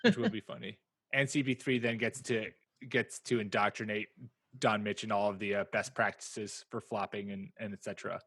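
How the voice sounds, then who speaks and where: Podcast dude, bright forceful voice, jokey and hyped, super dry close mic. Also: male voice, lowish voice, slightly rough, no room sound. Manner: excitable, joking, quick bursts of enthusiasm. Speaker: podcast co-host. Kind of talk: casual sports chat.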